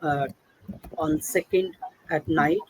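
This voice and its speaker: A man's voice: fairly high pitch, fairly even intonation, takes it slowly, a little hiss or hum, low-quality recording. A man with an Indian English accent, a student in an online English lesson, answering hesitantly with many fillers over a video call.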